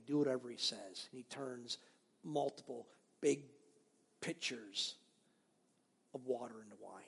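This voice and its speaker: A man preaching a sermon as a pastor, telling stories with animated swings between loud and hushed. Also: medium pitch, a little slow, creaky, pauses often, slightly rough, long reverb tail. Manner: animated storytelling, acting out biblical voices, dropping to near-whispers.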